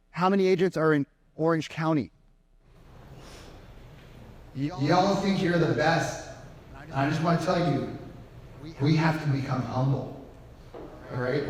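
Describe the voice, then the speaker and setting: A man giving an energetic sales seminar to a live room, firing questions at the crowd. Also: a little high. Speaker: sales trainer. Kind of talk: live seminar talk to an audience. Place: meeting room with an audience.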